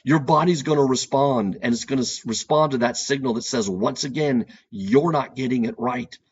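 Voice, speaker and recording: A man's voice: mid-range voice, moderate pace, husky, lo-fi sound. A man speaking as a couples therapist on an educational podcast, earnest and repeating key points for emphasis.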